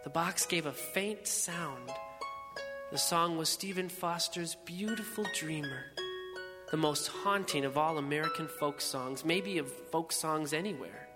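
A man narrating a first-person story in a measured, reflective way. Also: on the high side, long reverb tail, over loud music.

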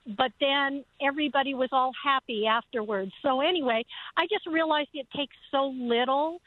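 A woman's voice: high-pitched, normal speed, dry recording. A woman in her seventies calling in to a radio show, telling an earnest story. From Southern California. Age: 70s. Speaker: caller. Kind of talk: phone-in testimony. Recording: tinny phone line, dry.

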